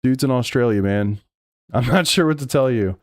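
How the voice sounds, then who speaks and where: A man's voice: medium pitch, moderate pace, no room sound, clean studio sound. A man streaming sim racing live, talking over race replays and arguing back at his chat with plenty of swearing. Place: home sim racing room.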